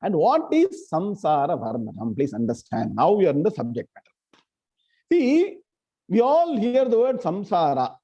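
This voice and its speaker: A man with a high-pitched, husky, dark-toned voice teaches an online scripture class at a moderate pace, his pitch swinging hugely. He regularly quizzes students by name. The video-call audio is muffled and lo-fi.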